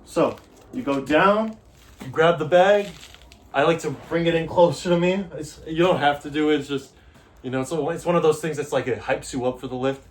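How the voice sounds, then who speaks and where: A man's voice: a little high, fairly quick. A man giving a casual workout demonstration as a fitness vlogger, coaching in a loose, talky way.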